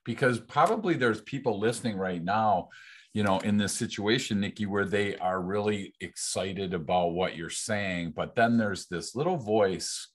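Deep-voiced man hosting a podcast. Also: normal speed. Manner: relaxed, asks reflective follow-up questions. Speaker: podcast host. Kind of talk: casual podcast interview.

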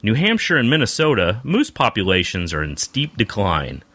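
A man's voice: on the low side, moderate pace, breathy edge, no echo. A man hosting a podcast, chatting casually and cracking jokes about the news. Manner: playful, wisecracking, lively. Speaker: podcast host. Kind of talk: casual joking news chat.

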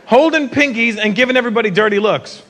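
A North American man doing a profane, animated stand-up routine on stage, speaking into a handheld mic. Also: extremely high pitch, quick pace. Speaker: stand-up comedian. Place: comedy stage before a live audience. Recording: live show with loud crowd and noise.

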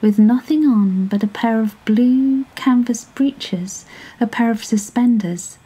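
A woman's voice: a little high, slow pace, dark tone, husky, pitched above the performer's own voice, poor audio. A woman voicing a small, clever male fish in a bedtime storybook, speaking in a small, sly, persuasive voice.

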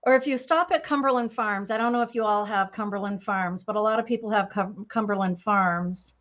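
Chatting with viewers on her crafting livestream, a bubbly, chatty woman laughs frequently as she talks casually. Her medium-pitched voice is fairly bright and brisk, though the audio sounds dull.

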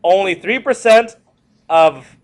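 A man's voice: sits high, slow. A man teaching a history lecture to a class, repeating key points and joking with students. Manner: repetitive, animated, joking asides to students.

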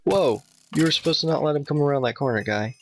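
A man giving nervous, excitable let's play commentary, talking to his in-game dog. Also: a little high, fast, slight background noise. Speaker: gamer playing a Minecraft map. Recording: dull, dry home mic.

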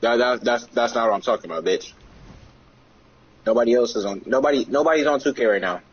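A young man on a gaming voice chat, firing off profane, repetitive taunts at his friends. His voice is husky, and the headset sound is dull and lo-fi. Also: mid-range voice, quick pace. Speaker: gamer streaming with friends. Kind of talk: trash-talking voice chat.

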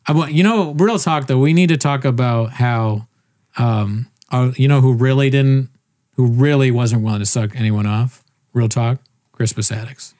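A man's voice: medium pitch, moderate pace, a little mellow. A man co-hosting a comedy podcast, riffing crudely and rambling in a mock-serious way. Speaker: podcast co-host. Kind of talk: casual comedy chat.

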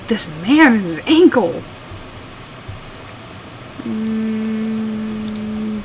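A woman's voice: fairly high pitch, slow pace, long pauses, a bit bright, a little hiss or hum, rough recording. A woman streaming a survival game live, chatting casually and exclaiming, scolding her game character as she plays. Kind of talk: casual live gameplay commentary.

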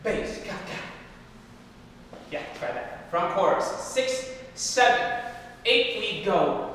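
A man's voice: mid-range voice, expressive, takes it slowly, a bit bright, slight background noise. A man teaching a hip hop dance class, counting beats in an upbeat sing-song rhythm and cueing the moves. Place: large echoey dance studio. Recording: echoey hall, voice from far off.

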